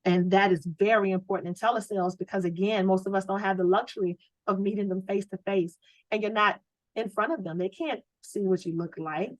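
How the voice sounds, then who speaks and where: A woman running a sales training on a video call, coaching with lively, preachy energy and lots of rhetorical questions. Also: medium pitch, brisk, no room sound, poor audio. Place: home office.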